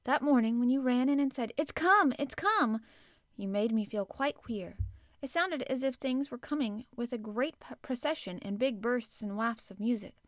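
A woman's voice: on the high side, normal speed, no echo, clean studio sound, close to an everyday voice. A woman voicing a lordly, commanding young boy who is sickly and dreamy.

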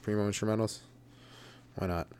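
A man's voice: fairly low pitch, fairly even intonation, moderate pace, a little mellow, clean tone. A man riffing loosely as a comedy podcast host, rambling and profane and chuckling often. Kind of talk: improvised stand-up riffing.

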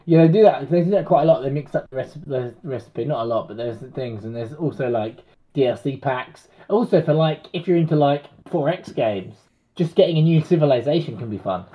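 A man's voice: medium pitch, lively intonation, brisk. A man on a podcast panel, chatting casually about games in a rambling way and correcting himself as he goes. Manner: rambling, self-correcting, chuckling. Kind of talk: casual chat. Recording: dull lo-fi audio.

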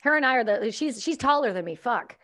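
A high-pitched woman hosts a casual podcast chat. She talks bluntly and enthusiastically, swearing freely as she goes. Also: expressive, brisk, a bit bright.

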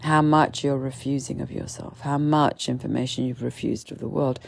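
Low, gravelly-voiced woman telling a story. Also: steady tone, normal speed, hardly any pauses, dry recording. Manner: candid, meandering, with many fillers and restarts; mimics others with sudden shrill outbursts. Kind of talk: casual storytelling monologue.

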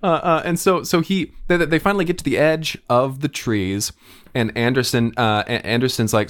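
A man's voice: mid-range voice, moderate pace, fairly bright tone. A man improvising a comedic story with friends, stammering through restarts and laughing often.

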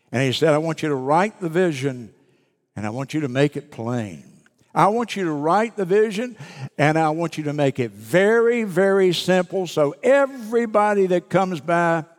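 A man's voice: on the high side, a little mellow. Man preaching in a reverberant sanctuary. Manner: preaching, reading scripture aloud and explaining it. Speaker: pastor. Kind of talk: sermon. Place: church sanctuary.

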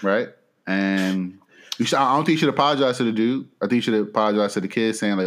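A man's voice: fairly low pitch, fast, fairly bright tone. A man in casual chat, laid-back and opinionated, who laughs often as he makes his point.

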